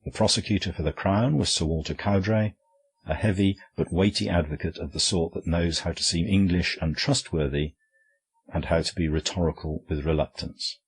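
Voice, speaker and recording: A man reads an audiobook in a steady, even storytelling manner. His voice sits deep and low, with a husky grain to it throughout. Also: moderate pace. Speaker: audiobook narrator. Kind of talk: scripted audiobook narration.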